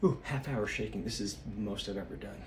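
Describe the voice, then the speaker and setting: A man's voice: on the low side, fairly quick, reverberant, recorded from a distance, noisy background. A man in his fifties, slightly out of breath, rambling and losing his train of thought as he thinks aloud while shaking his body. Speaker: solo practice vlogger.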